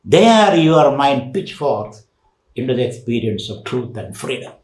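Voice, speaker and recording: A man's voice: mid-range voice, very animated, measured pace, darkish tone, roomy sound, low-quality recording. A man giving a spiritual lecture as a swami, teaching emphatically with rhetorical questions and recited Sanskrit verses.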